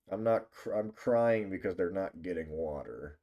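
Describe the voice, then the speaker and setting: A man's voice: sits low, animated, normal speed, hardly any pauses, warm tone. A male streamer chatting casually with his live audience, teasing and bantering with some swearing, close to the microphone. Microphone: close desk microphone.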